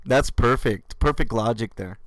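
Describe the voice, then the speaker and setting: A man's voice: mid-range voice, moderate pace, a bit bright, no room sound. A man hosting a channel, giving casual, sarcastic commentary on police footage with frequent swearing. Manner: sarcastic, mocking, swears freely. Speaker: YouTube channel host reacting to police video.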